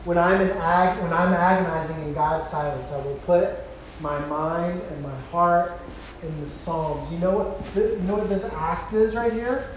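High-voiced man preaching in an echoey hall. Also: a little slow, distant mic, a little hiss or hum. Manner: impassioned preaching, swinging between loud cries and hushed lows. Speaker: pastor. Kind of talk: sermon.

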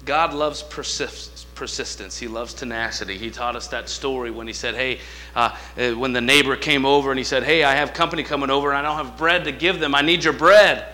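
Impassioned male preacher, bright, with mains hum. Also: mid-range voice, brisk. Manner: impassioned, swings between shouting and hushed asides; acts out dialogue in different voices. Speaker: guest preacher. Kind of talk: sermon.

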